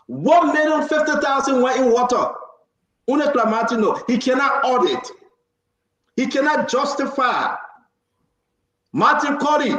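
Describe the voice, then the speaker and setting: A man's voice: very high voice, animated, a little slow, fairly bright tone, reverberant, rough recording. A man hosting a heated political talk show, passionate and raising his voice. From Liberia. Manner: passionate, raises voice, repeats himself.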